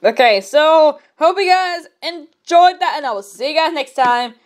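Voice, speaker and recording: A woman's voice: high voice, expressive, normal speed. A woman reading fan fiction aloud with comic commentary; she laughs often and stumbles over words.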